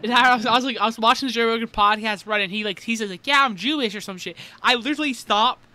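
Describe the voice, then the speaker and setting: A man's voice: high voice, steady tone, fast talker, sharp tone. A young man co-hosting a casual podcast, rambling crudely with lots of filler words. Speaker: podcast co-host. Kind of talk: casual chat. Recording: faint background noise.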